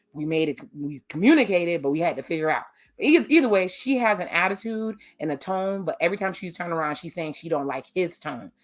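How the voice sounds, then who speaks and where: Sassy woman recapping TV, low voice. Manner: sassy, animated, slangy commentary with mock-quoted outbursts. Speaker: TV recap vlogger. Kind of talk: casual TV review.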